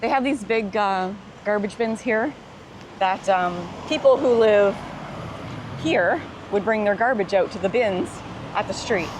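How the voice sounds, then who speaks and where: A woman's voice: medium pitch, unhurried. Woman, travel vlog, casual walking chat, outdoors, street traffic noise. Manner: chatty, laughs often. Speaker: travel vlogger.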